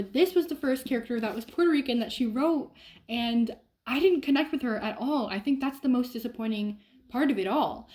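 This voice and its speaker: Chatty young woman vlogging about books. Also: fairly high pitch. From United States. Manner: chatty, animated, self-deprecating. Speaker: book vlogger. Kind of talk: casual vlog chat.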